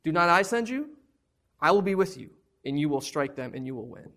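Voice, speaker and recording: A man preaching, voicing God as a calm male authority who speaks reassuringly and insistently to Gideon. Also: on the high side, fairly quick.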